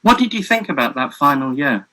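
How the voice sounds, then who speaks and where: A male interviewer with a bright, forceful tone at an ordinary pitch. He nods along with short replies, then sets up long, detailed questions. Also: very animated, brisk, poor audio. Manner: brief agreeing replies and long framing questions.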